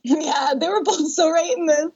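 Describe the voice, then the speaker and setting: A woman's voice: high-pitched, moderate pace, darkish tone. A young woman co-hosting a casual film recap, chiming in with wry, emphatic comments. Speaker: podcast co-host. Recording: dull, lo-fi sound.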